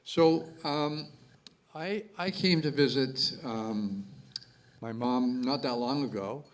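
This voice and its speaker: A man from Canada speaking at his mother's memorial, halting and repeating words with many fillers. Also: mid-range voice, poor audio. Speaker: son giving a eulogy. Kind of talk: memorial speech.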